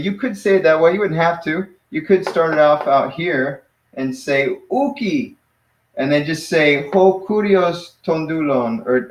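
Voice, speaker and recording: A man giving a relaxed, encouraging one-on-one Greek lesson, laughing easily and calling his student "man". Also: on the high side, echoey room, low-quality recording. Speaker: Greek teacher. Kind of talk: casual one-on-one language lesson.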